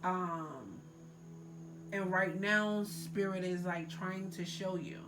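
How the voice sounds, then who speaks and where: Against a noisy background, a woman speaks slowly in a lowish, steady voice. Doing an informal tarot reading, she fills her speech with likes and ums while sincerely encouraging the listener to let go.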